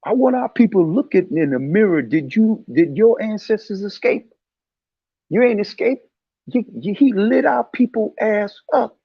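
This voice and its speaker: A man's voice: sits high, expressive, measured pace, creaky, breathy edge, no room sound, muffled recording. A man hosting a casual religious commentary talk, speaking in a heated, preachy way and repeating his points.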